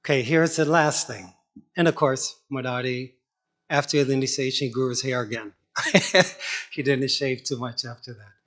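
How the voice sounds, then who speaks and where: A man's voice: medium pitch, moderate pace, a bit bright. A man telling anecdotes at a memorial, apologetic about the time and chuckling. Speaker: speaker at a memorial. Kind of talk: anecdotal eulogy.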